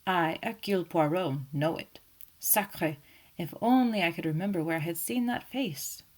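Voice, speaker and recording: Woman doing a gentle, ironic old Belgian detective. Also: fairly low pitch, moderate pace, close to an everyday voice. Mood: ironic, teasing. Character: elderly fussy male Belgian detective. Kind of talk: audiobook character voice.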